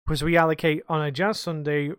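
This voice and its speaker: A man's voice: fairly high pitch, flat delivery, fast talker, fairly bright tone, clean tone. A man co-hosting a casual podcast, telling rambling, sweary stories from his bar work. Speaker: podcast co-host; bar worker.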